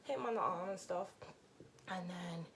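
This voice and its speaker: A woman's voice: fairly low pitch, moderate pace, fairly bright tone, slight background noise. A young adult woman in a casual storytime vlog, telling her story candidly and expressively, with lots of fillers and swearing. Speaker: vlogger.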